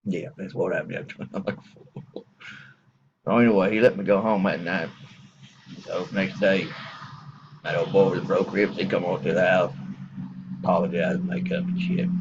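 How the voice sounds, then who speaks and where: A man's voice: deep voice, fairly even intonation, moderate pace, pauses often, muffled recording, noisy background. A middle-aged man, rambling through a crude, profane comic story.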